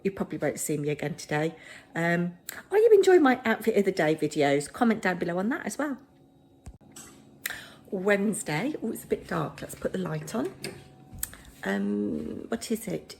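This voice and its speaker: A chatty middle-aged woman rambles through a casual home vlog in a fairly low voice. She is self-deprecating and easygoing, and faint room ambience sits behind her. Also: wildly swooping pitch, normal speed, pauses often, darkish tone, slight background noise. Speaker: vlogger, drama teacher.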